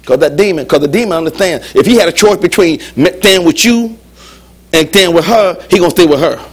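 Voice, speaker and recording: A man preaching a lively, humorous sermon as pastor in a church, with call-and-response. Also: on the high side, a little fast, husky. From United States.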